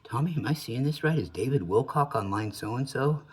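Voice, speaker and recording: A man imitating a concerned, folksy middle-aged radio host who asks gentle, fretting questions. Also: mid-range voice, expressive, moderate pace, slightly rough, voice pushed up.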